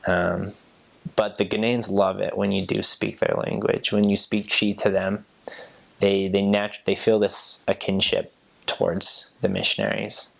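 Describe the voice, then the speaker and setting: A young man talks casually, with a very low voice and a gravelly creak. He is a former missionary explaining phrases, easygoing and chatty. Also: measured pace. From United States. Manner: relaxed, chatty, with fillers and soft laughs.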